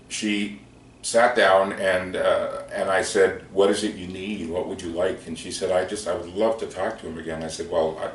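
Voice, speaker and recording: A man telling a heartfelt story in a gentle, conversational way with many fillers. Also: deep voice. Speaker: speaker recounting prayer sessions. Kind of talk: storytelling talk. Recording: echoey room, distant mic, faint noise.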